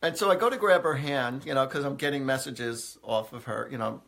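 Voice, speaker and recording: A man's voice: medium pitch, a little fast, gravelly, fairly bright tone. A man hosting a live stream as a psychic, telling stories in a chatty way with many fillers, often laughing. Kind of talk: casual live-stream storytelling. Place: indoors, live video stream.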